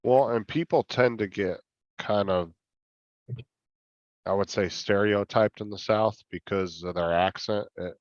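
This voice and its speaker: A man's voice: lowish voice, a little slow, no room sound. A man in a casual livestream chat who argues his points and explains at length. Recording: dull, dry lo-fi audio.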